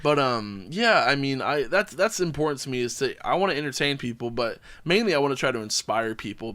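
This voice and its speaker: Bright-voiced podcast guy, rambling and swearing through a story, casual chat. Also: mid-range voice. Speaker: podcast host.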